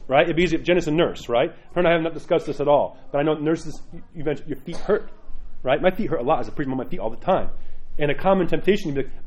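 Fast-talking priest giving a lively sermon. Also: male voice, fairly high pitch, a little hiss or hum. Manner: acts out inner voices in quotes; conversational, often adds "right?". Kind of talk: teaching talk to a congregation.

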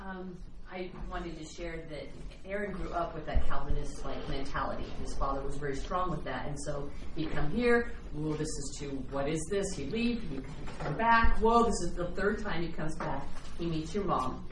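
Low-voiced woman, distant and roomy. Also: lively intonation, moderate pace. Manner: chatty, with fillers like "um" and "like". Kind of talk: casual storytelling. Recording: roomy, distant mic with background noise.

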